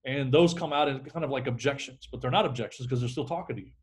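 A man's voice: mid-range voice, fast. A middle-aged man, a sales trainer, talking energetically in a podcast interview and acting out phone calls.

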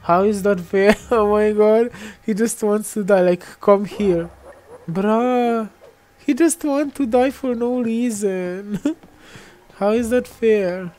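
A woman's voice: medium pitch, slow, dark tone. A young woman giving casual, chatty gameplay commentary, often giggling and teasing other players. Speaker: gamer.

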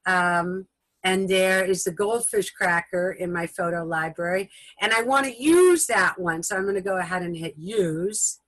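A woman giving a patient step-by-step software tutorial over a video call, often repeating steps and checking in with her listeners. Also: lowish voice, normal speed, no echo, low-quality recording. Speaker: instructor. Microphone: video call recording.

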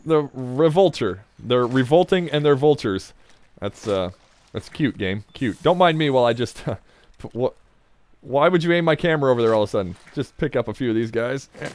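A man's voice: mid-range voice, expressive, a little fast. A man giving joking, rambling commentary as he plays a video game. He talks back to the game, chuckles often, and wanders off on side remarks. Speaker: let's play gamer. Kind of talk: gameplay commentary.

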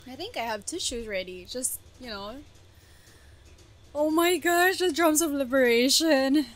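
A woman hosting an anime reaction video, talking casually and gushing with excited exclamations. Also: high-pitched, measured pace.

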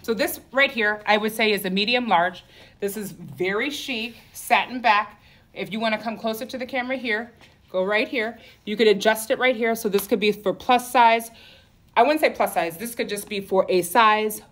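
A woman's voice: mid-range voice, moderate pace, fairly bright tone. A woman running a live sale from her clothing store, with sassy, campy patter full of "okay?" and "honey". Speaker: boutique owner selling clothes on a livestream.

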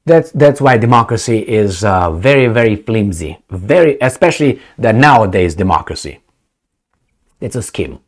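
A man's voice: lowish voice, animated, moderate pace. A man, not a native English speaker, hosting his own channel in an opinionated monologue, ranting with many fillers and restarts. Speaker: commentary channel host.

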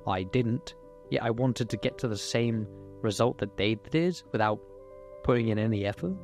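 A man's voice: mid-range voice, normal speed, a little mellow, faint music behind. A young man, speaking candidly and earnestly in a personal motivational monologue, swearing now and then. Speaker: YouTuber.

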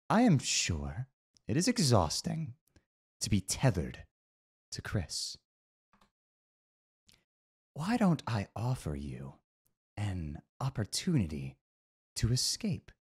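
A man voicing an eerie, formal male skeletal scientist in a game playthrough, speaking with slow, stately, ominous phrasing. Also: lowish voice, huge pitch swings, breathy edge, heavily acted. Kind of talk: voice acting over a game playthrough.

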